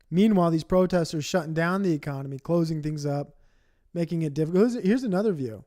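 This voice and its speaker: A man's voice: on the high side, fairly quick, dark tone. A man streaming, reacting live with coarse, profane, rambling rants. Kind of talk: livestream reaction commentary.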